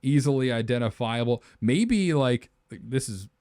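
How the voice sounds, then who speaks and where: A man's voice: medium pitch, a little slow, no echo, studio quality. A man co-hosting a podcast, brainstorming a movie plot in casual chat and acting out the characters' lines as he goes. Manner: animated storyteller, acts out characters' lines. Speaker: podcast co-host.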